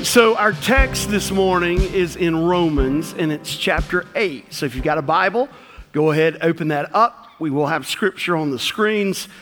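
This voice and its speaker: Folksy Southern preacher, bright and high. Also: male voice, long reverb tail. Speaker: pastor. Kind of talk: sermon. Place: church sanctuary.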